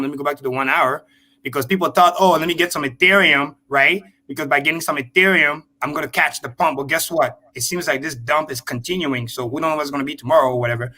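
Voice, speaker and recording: A man talking through trading charts on a casual livestream, emphatic and blunt, with swearing, repeating key points slowly. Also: fairly high pitch, pushed and bright. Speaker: guest crypto trader.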